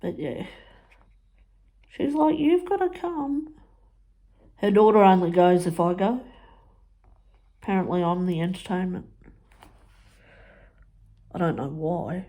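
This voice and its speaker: A middle-aged woman chatting casually about her crafts, telling stories and acting out what others said in higher voices, laughing often. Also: unhurried, pauses often, warm tone. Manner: chatty storytelling, acts out quotes in high voices, laughs often. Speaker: crafting vlogger. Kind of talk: casual chat while crafting.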